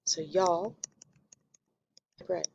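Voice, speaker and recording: A woman teaching a Spanish lesson, explaining step by step in a patient way and quickly correcting her own slips. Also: lowish voice, fairly even intonation, vocal fry, darkish tone, muffled recording, a little hiss or hum. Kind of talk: recorded classroom lesson.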